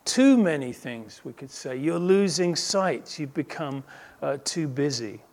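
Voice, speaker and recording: A man's voice: on the high side, lively intonation, a little slow, darkish tone. A man preaching a sermon as a pastor, earnest and emphatic, building intensity through repeated phrases.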